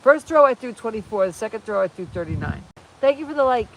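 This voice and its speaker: A woman's voice: a little high, very animated, fast. A chatty woman streams live from outdoors, rambling from one thing to the next and greeting viewers as their comments come in. Her voice sits some distance from the phone, with a faint hiss of noise underneath. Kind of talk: casual live stream chat.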